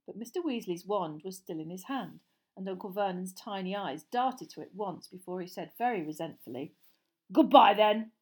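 A woman narrating a storybook audiobook in a steady, clear reading voice. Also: fairly low pitch, normal speed.

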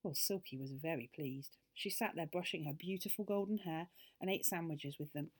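A woman reading a children's story aloud in an expressive, animated way. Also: low voice, normal speed.

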